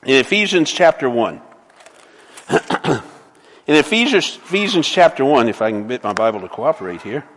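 A male pastor preaching a sermon, telling a story in an animated way and asking the congregation for responses. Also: mid-range voice, moderate pace, long pauses. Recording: long reverb of a large hall.

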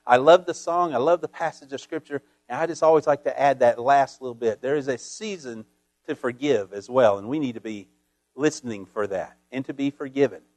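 A man's voice: a little high, no room sound. A male pastor preaching a sermon, reading scripture and telling folksy stories with frequent calls of "Amen?".

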